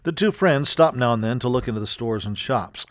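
A man narrating a storybook in a steady, clear reading voice. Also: medium pitch, fairly quick, no echo, studio quality. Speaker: audiobook narrator.

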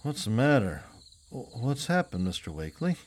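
A man's voice: mid-range voice, big pitch swings, normal speed. A man reading aloud plays a bold young ranch hand from the West, speaking in a plain, forthright and earnest way. The voice stays close to the reader's own, for an audiobook. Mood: confused.

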